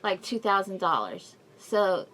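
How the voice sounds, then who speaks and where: Middle aged lady vlogging thru a mask, rambly emotional story, lots of little laughs, medium pitched voice. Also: very animated, unhurried, fairly bright tone. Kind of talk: casual personal update to camera. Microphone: speaking through a face mask.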